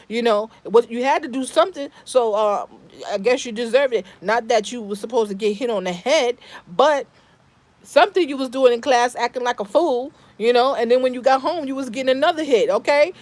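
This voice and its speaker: A middle-aged woman talks casually to her vlog audience. Her voice sits fairly high, and she hammers her points home by saying them over and over. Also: expressive, normal speed. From the Bronx, New York. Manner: emphatic, repeats herself, speaks straight to viewers. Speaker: family vlogger.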